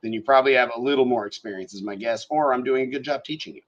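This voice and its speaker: A man hosting a casual live-stream tutorial, talking through design software as he works, swearing freely and thinking out loud. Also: mid-range voice, very fast, dull audio. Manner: profane, thinks aloud while working. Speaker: show host teaching design software.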